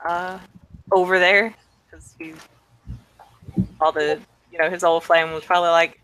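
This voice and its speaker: A man's voice: fairly high pitch, level tone, a little slow, pauses often, sharp tone, smooth, dry recording, rough recording. A man playing a tabletop role-playing game, talking in a loose, rambling way. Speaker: player.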